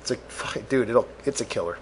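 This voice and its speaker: A man's voice: medium pitch, fast, slight background noise. A man hosting his own podcast alone. He rambles loosely and swears a lot, jokes at his own expense, and says he is in a grumpy mood. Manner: loose, profane, self-mocking, jumps between topics. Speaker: podcast host. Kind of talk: rambling solo podcast monologue.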